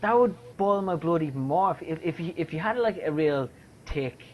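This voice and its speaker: A man's voice: fairly high pitch, expressive, moderate pace, highs cut off. A man co-hosting a podcast in casual chat, reacting with stammers and swear words. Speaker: podcast co-host. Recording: noisy podcast mic with clicks.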